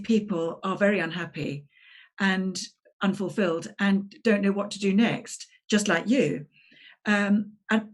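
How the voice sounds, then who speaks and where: Woman interviewer, reflective and encouraging. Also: medium pitch. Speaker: interviewer host. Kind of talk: interview conversation.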